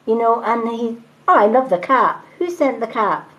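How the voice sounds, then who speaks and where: A woman's voice: on the high side, lively intonation, normal speed, a bit bright, dull audio. A woman giving a live spiritual reading, chatty and reassuring, often repeating phrases and asking "right?". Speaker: psychic reader.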